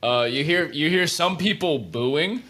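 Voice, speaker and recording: Laid-back, bright-voiced game master man. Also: a little high, animated, unhurried. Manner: laid-back, with frequent fillers and laughs. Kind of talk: narrating a tabletop game.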